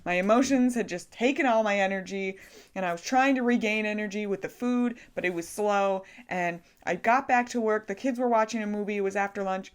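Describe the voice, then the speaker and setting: A young woman vlogger telling a story about her day in a casual, animated way, laughing at herself often. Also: medium pitch, fairly quick, clean tone. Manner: animated, self-deprecating storytelling with frequent laughs.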